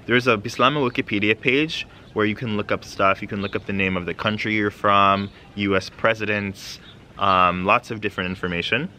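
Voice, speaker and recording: A man giving a casual video language lesson, explaining patiently and repeating phrases slowly for learners. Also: lowish voice, steady tone, sharp tone, slight background noise. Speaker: language teacher.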